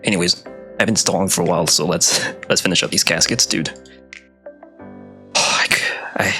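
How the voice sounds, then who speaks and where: A man giving casual gameplay commentary late at night, keeping his voice quiet and soft, excitable and swearing often as he breaks into gasps and whispers. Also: low-pitched, unhurried, faint music behind. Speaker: gaming video creator.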